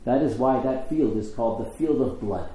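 Expressive man reading scripture in church. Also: medium pitch, moderate pace, reverberant, slight background noise, poor audio. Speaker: scripture reader.

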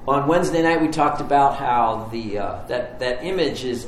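A man's voice: mid-range voice, lively intonation, normal speed, few pauses, slight background noise. A man preaching a sermon as pastor, telling stories in a conversational, vivid way. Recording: roomy hall, faint ambience.

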